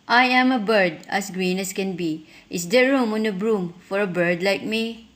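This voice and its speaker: A woman's voice: mid-range voice, unhurried, lightly acted. A woman voicing a polite little female bird in a storybook reading.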